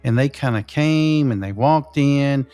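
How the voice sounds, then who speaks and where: A man's voice: mid-range voice, measured pace, dark tone, clear, resonant tone, faint music behind. Rambling man telling a ghost story. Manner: rambling, full of "you know" fillers. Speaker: host. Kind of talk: casual spoken ghost story.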